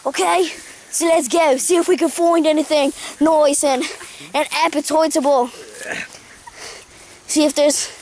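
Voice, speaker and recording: A woman's voice: sits high, fairly even intonation, unhurried, long pauses, a little mellow, slight background noise. A woman hosting a joking comedy vlog outdoors in the woods, playful and teasing, swearing casually. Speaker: vlog host.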